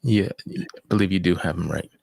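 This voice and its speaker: A man's voice: deep voice, fairly quick, creaky, darkish tone, no echo, studio quality. A man from Canada chatting casually in an easygoing way, chuckling at his own stories. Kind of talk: casual chat.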